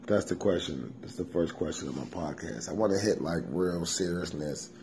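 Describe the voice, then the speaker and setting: A man's voice: sits low, normal speed, noisy background. A man, a comedian hosting his own podcast, talking in a loose, rambling monologue from his home kitchen and swearing constantly. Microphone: simple home setup, self-recorded.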